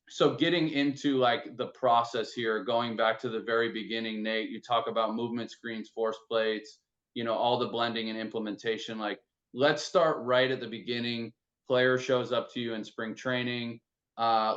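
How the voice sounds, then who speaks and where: A man's voice: medium pitch, a bit bright. A man hosting a casual podcast discussion, talking loosely with lots of filler words. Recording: dull lo-fi sound.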